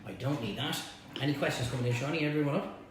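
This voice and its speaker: A man's voice: medium pitch, fast talker. A man hosting a live cook-along, chatty and blunt, bantering with viewers as he cooks. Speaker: cooking show host. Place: home kitchen. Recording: echoey kitchen, faint hum.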